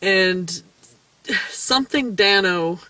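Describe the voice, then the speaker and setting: A woman's voice: mid-range voice, slow, sharp tone, dry recording, recorded from a distance. A woman co-hosting a casual movie review chat outdoors, chatty and teasing. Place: outdoors in the cold.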